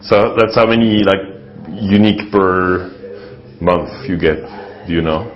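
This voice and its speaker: A man with a French accent giving an office tour and interviewing people, talking haltingly and repeating his words, on a handheld mic. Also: deep voice. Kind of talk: casual walkaround interview. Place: busy office. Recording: roomy, dull office recording.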